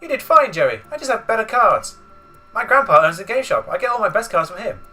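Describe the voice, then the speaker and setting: Picture an eager teenage duelist boy from a card-battle game, upbeat and a little boastful, put on by a man reading aloud. The voice sits high above an everyday speaking voice and has a bright, forceful edge. A faint game soundtrack plays underneath. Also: big pitch swings, fast talker, soft background music, exaggerated voice.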